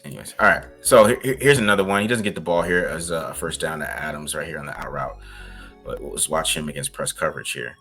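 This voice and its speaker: A man's voice: extremely low pitch, fast, pushed and bright, faint music behind. A man co-hosting a casual film-review chat, talking loosely with lots of restarts and laughs. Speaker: podcast co-host breaking down game film.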